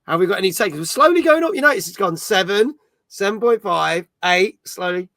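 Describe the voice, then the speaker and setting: A man's voice: high-pitched, lively intonation, a little fast, creaky, a bit bright, no echo, studio quality. A middle-aged man hosting a casual gaming stream, chatting and reading out viewer comments. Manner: chatty, reads chat comments aloud, jokey. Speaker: podcast host. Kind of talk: casual live-stream chat.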